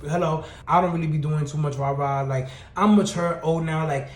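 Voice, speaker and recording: A young man telling a storytime tale in an animated, profane, slang-heavy and sassy way. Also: fairly high pitch, moderate pace. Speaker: storytime vlogger. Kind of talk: casual storytelling rant. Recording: roomy echoey room.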